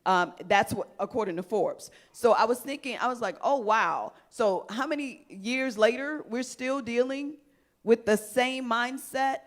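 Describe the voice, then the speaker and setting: A woman's voice: on the high side, unhurried. A woman hosting a panel talk show, speaking emphatically and addressing the panel directly.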